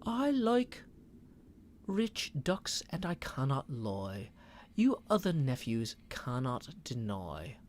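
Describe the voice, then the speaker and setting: A man's voice: mid-range voice, huge pitch swings, slow, slight background noise. A man putting on a posh British lady rapping. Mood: playful. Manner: sing-song rap, exaggerated accent attempt.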